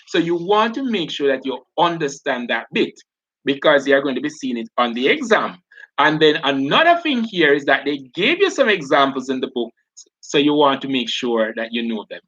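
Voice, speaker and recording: Chatty male teacher, bright lo-fi voice. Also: mid-range voice, very animated, moderate pace. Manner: chatty, addresses students by name, laughs often. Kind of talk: live online class lecture. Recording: dull lo-fi sound.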